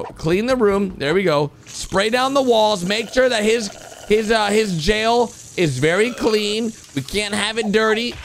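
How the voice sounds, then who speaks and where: A man doing excited reaction commentary over cartoon clips, swinging between loud cheering and low worried muttering. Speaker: gaming commentator reacting to animations.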